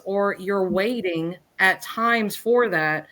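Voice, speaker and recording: Bright-voiced woman chatting casually. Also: medium pitch, slow. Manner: rambling, lively, restarts mid-sentence. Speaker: podcast guest, reseller. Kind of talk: casual chat.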